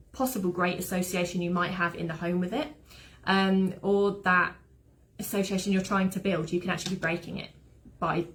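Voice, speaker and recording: A woman's voice: mid-range voice, fairly bright tone. A woman who trains dogs, giving an informal, rambling online talk full of anecdotes. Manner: chatty, rambling, fond of anecdotes. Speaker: dog behaviour trainer.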